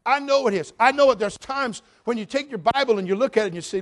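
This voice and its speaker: A man preaching a sermon as pastor, swinging from loud shouts to quiet, intimate talk. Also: very high-pitched, animated, fast, hardly any pauses.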